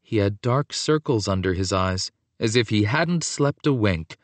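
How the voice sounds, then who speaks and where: Slow, expressive male narrator. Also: fairly low pitch, no echo. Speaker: audiobook narrator. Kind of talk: scripted narration.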